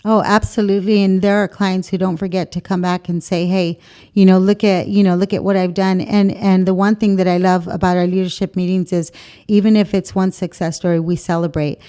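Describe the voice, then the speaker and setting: A woman's voice: lowish voice, little pitch movement, brisk, dark tone, clear, resonant tone. A woman being interviewed as a guest, talking about her work and giving short affirming replies. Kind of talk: interview conversation.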